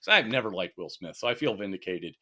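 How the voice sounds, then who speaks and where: A man with a bright, forceful voice rants his way through a relaxed podcast conversation. He swears freely and gets animated as he goes off on a tangent. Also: fairly low pitch, fast talker. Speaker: podcast co-host. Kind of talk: casual chat.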